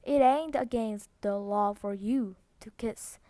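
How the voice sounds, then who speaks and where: A woman's voice: fairly high pitch, dark tone, no echo. A woman reading as a drunk drawling sheriff. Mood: leering. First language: Korean. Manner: slow drawl. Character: drunk leering small-town male sheriff. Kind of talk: audiobook read-aloud.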